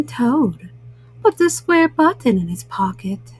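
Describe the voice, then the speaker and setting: A woman reads a children's bedtime story in a gentle, soothing voice. Her voice sits high and lilts up and down. She takes the lines slowly, speaking to young listeners. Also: big pitch swings, husky, low-quality recording.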